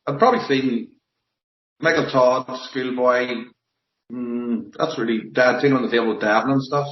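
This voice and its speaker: Softly spoken Northern Irish man. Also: mid-range voice, normal speed. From Northern Ireland. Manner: softly spoken, plain and modest. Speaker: interview guest, armwrestler. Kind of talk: casual interview. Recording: echoey, muffled lo-fi audio.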